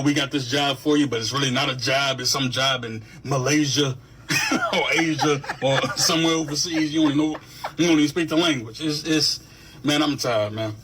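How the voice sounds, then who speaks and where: A man's voice: medium pitch, a bit bright, a little hiss or hum. Weary man venting casually. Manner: weary, repetitive, laughs at himself.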